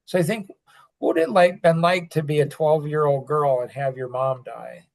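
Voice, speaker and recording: A man's voice: a little high, steady tone, moderate pace, gravelly, a little mellow. An older man hosts a loose, casual podcast conversation. He rambles, leans heavily on fillers, and often breaks off and restarts his sentences. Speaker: podcast host.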